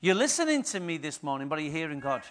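Speaking fast, this middle-aged pastor delivers a sermon to his congregation with a bright, high, forceful voice. His storytelling is lively and he plays the characters, moving from hushed confidences to loud, punchy declarations.

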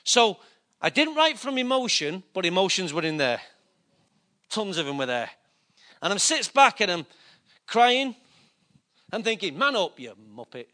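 A man's voice: high voice, big pitch swings, unhurried, pauses often, sharp tone. A middle-aged man preaching a sermon, telling a personal story in a chatty, self-mocking way. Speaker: pastor.

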